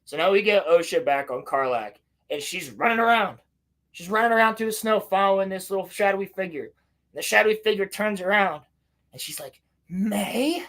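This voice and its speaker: A man's voice: sits high, animated, a bit bright. A man hosting a podcast, recapping a show in casual, crude, sarcastic chat. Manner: crude, sarcastic, acts out dialogue in quick asides. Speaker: podcast host.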